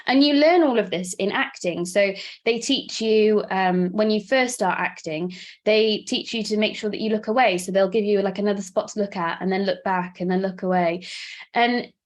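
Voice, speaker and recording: A woman with a Welsh accent teaching a live online workshop, chatty and fast-talking, laughing often. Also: mid-range voice. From Wales. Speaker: presenter and coach.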